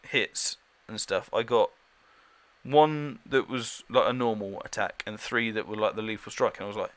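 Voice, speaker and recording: A man's voice: on the low side, unhurried, a bit bright, dry recording. A man co-hosting a podcast, chatting casually with lots of fillers, restarts and chuckles. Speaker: podcast co-host giving a battle report. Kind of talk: casual chat.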